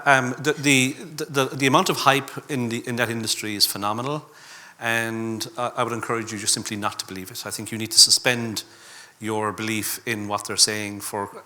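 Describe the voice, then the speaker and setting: Low-ish bright-toned guy on a panel, blunt and skeptical. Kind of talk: panel discussion. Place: conference hall stage.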